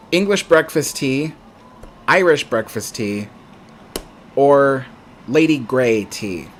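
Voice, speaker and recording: A man's voice: mid-range voice, slight background noise. Chatty man hosting a casual livestream. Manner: chatty, reads viewer comments aloud, many ums. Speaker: livestream host. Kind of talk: casual live chat.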